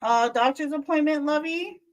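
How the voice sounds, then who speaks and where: A woman's voice: high-pitched, moderate pace, noisy background. A woman doing live-stream tarot readings, chatty and soothing, calling viewers "my dear" and "lovey". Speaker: tarot reader.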